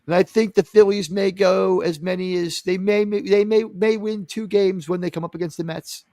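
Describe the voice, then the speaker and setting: A man's voice: sits high, fairly even intonation, normal speed, darkish tone, no echo, clean studio sound. A man hosting a casual streamed panel talk show, rambling and joking with frequent laughs. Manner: rambling, jokey, laughs often.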